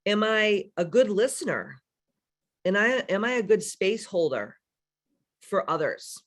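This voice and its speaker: A woman in her forties, a spiritual life coach, teaching in a casual, blunt way with swearing and frequent "right?" asides. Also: on the low side.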